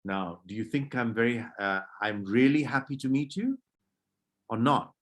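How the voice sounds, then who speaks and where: A man's voice: mid-range voice, normal speed. Man teaching public speaking online. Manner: demonstrates moods by acting out greetings; gently scolds disruptive kids. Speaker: workshop presenter. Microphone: video call.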